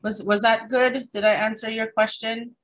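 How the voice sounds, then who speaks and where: A woman teaching a language lesson over a video call, repeating each word slowly and adding casual asides. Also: fairly high pitch, flat delivery, rough recording.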